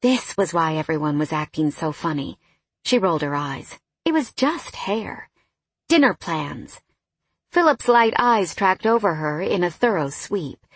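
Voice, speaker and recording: A woman narrating a novel in a steady, scripted reading style on a close studio mic. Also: lowish voice, moderate pace, husky, no room sound. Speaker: audiobook narrator.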